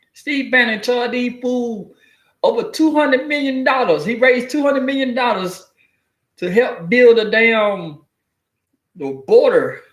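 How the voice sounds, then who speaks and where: A man's voice: very high-pitched, a bit bright, roomy sound. A man giving casual spoken commentary, loose and profane, telling stories with mock quotes. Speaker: commentary vlogger.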